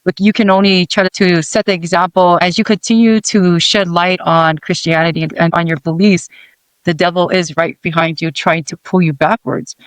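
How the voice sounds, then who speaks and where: A man with a notably high voice hosts a podcast interview, supportive and grateful toward his guest, pausing on fillers as he builds his questions. The recording is close and dry. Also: fairly even intonation, smooth, no room sound, poor audio. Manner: warm, supportive, with hesitant fillers. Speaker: podcast host.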